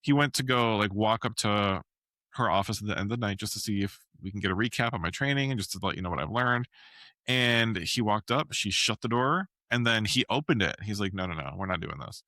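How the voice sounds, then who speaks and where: A man's voice: on the low side, fairly quick, bright, forceful tone, no room sound. A man co-hosting a podcast, talking bluntly and with indignation, swearing freely in casual conversation. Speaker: podcast co-host. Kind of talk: casual chat.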